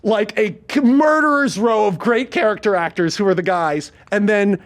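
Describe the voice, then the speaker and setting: Brief: rapid-fire, cursing male podcast host pitching a movie idea, bit high-voiced. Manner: animated, rapid, profane. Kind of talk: casual storytelling chat.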